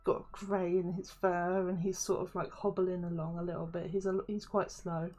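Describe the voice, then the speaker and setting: A woman's voice: on the low side, flat delivery, moderate pace, darkish tone. A woman narrating a tabletop game as game master in a loose, chatty way with many fillers. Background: faint music.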